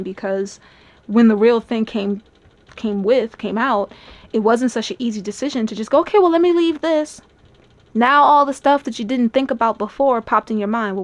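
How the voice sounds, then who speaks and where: A woman's voice: a little high, no echo. A woman giving a tarot love reading in a chatty, musing way, often laughing and acting out people's thoughts. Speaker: tarot reader. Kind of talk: channeled tarot reading to camera.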